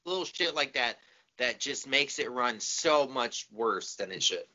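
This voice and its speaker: A man's voice: medium pitch, lively intonation, unhurried, bright, forceful tone, dull audio. A man on a podcast, venting in a casual, profane, exasperated way. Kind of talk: casual chat.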